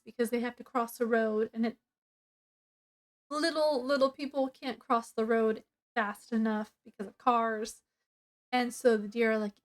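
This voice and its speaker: A woman's voice: on the high side, fairly even intonation, measured pace. A woman casually reviewing a book, retelling the plot in a rambling way with lots of fillers.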